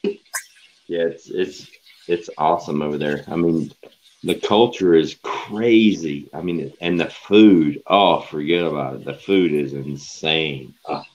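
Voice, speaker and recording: A man's voice: rumbling low, slow pace, a little mellow. A man co-hosting a casual live stream, easygoing, often repeating and stammering. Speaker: co-host. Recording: dull lo-fi sound.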